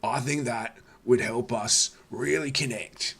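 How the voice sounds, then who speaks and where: A man's voice: measured pace, a bit bright, husky. A man with an Australian accent voicing an overeager, sensitive Australian bloke in a mocking tone. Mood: mocking gush. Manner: mocking, overeager, high-pitched. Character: gushing sensitive adult Aussie bloke.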